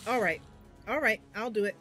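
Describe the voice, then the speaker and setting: This is livestream game commentary: a woman plays a video game on stream, reasoning aloud about each move and yelping abruptly when plays go badly. She talks at a moderate pace in a fairly high, slightly bright voice, with soft music in the background.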